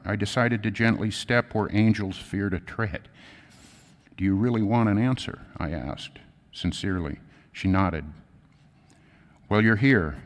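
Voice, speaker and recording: A man with a fairly low voice preaches in a quiet, earnest, measured way. His words ring out with the long reverb of a church hall. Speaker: lay preacher. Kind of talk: sermon with a read-aloud story.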